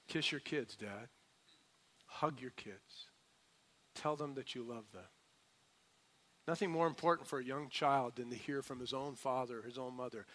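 An older man preaching a sermon, earnest, moving from loud exhortation to soft, personal storytelling. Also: medium pitch, normal speed, long pauses. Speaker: pastor.

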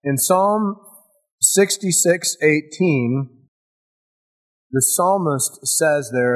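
A man's voice: fairly high pitch, lively intonation, very slow, pauses often, poor audio. A man preaching a sermon in an enthusiastic, conversational way, often restarting his phrases.

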